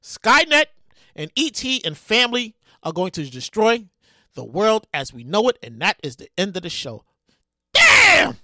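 A podcast host, heard as a woman, ranting excitedly, often stammering and repeating herself, sometimes shouting and making dramatic outbursts. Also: mid-range voice, normal speed, no room sound. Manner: sound effects and dramatic outbursts. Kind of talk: excitable comedic rant.

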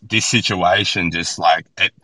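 A man's voice: low-pitched, unhurried, dry recording, low-quality recording. A young Australian man, a podcast guest, telling stories bluntly with plenty of swearing. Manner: blunt, profane, animated storytelling. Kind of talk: casual podcast chat.

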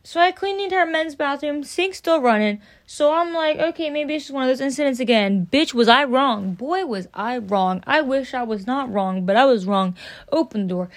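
A woman's voice: sits high, expressive, fairly quick, no room sound. A young woman telling rambling, profane work anecdotes in casual storytelling. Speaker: podcast host.

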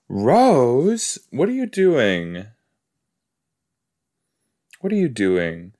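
A man hosting a podcast, chatting casually as he reacts to a TV episode, easily amused and quick to gasp and laugh. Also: mid-range voice, huge pitch swings, vocal fry, mellow.

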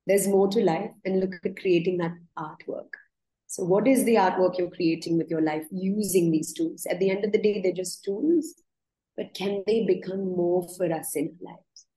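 A woman's voice: fairly low pitch, moderate pace, dark tone, roomy sound, rough recording. A woman yoga teacher telling personal stories in an interview, earnest and often restarting her words with a laugh. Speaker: yoga teacher, podcast guest. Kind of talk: reflective interview storytelling.

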